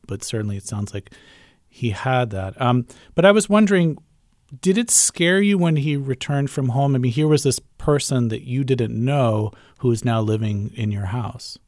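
A man's voice: medium pitch, lively intonation, normal speed, darkish tone, no echo. Interviewer, male, curious and friendly, dry close sound. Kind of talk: interview questions.

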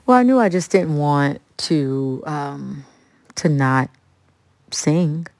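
A woman in her thirties from Kansas City, an interview guest telling stories in an animated, conversational way. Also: low-pitched, takes it slowly, no echo. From Kansas City, USA. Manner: animated storyteller, acts out quoted voices.

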